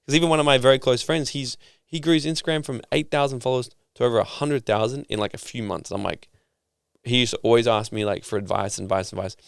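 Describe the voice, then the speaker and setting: A young man, a podcast guest telling stories in a casual, animated way and swearing freely. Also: mid-range voice, quick pace, gravelly, clean tone, no echo, studio quality. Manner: animated storytelling, swearing casually, acting out quoted people.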